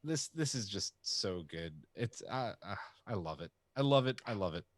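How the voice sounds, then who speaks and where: A man's voice: lowish voice, animated, normal speed. A man co-hosting a podcast, gushing and repeating himself, with some swearing. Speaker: podcast co-host. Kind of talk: casual chat.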